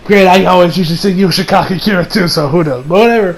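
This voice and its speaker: A man reviewing an anime episode in an excitable, rambling casual recap, acting out the scenes. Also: sits high, fast, rough recording.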